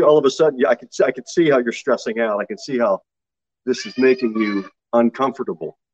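A man preaches a sermon from the pulpit at a middle pitch, his delivery swinging between low, earnest stretches and sudden high, loud mock quotes. The church recording sounds slightly dull and lo-fi. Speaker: pastor. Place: church sanctuary.

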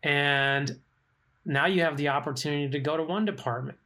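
A middle-aged man talking as an interview guest, telling his career story in lively fashion and acting out quoted voices. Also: fairly high pitch, normal speed. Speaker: guest, legal operations professional. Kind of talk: conversational interview.

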